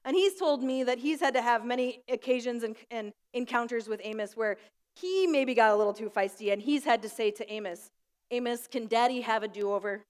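A woman's voice: fairly high pitch, brisk, long reverb tail. A young adult woman pastor giving a prayer and sermon in a school room, telling stories with light laughter. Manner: warm storytelling with light laughs. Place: school room used for church.

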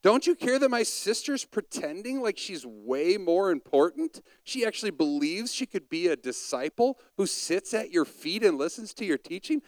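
A frazzled, overworked hostess, as a man puts her on, fires off one indignant complaint after another. The voice sits high and pushed, smooth and clear in a dry, close space. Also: very animated, no room sound, low-quality recording. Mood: exasperated. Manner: rapid-fire exasperated complaining questions.

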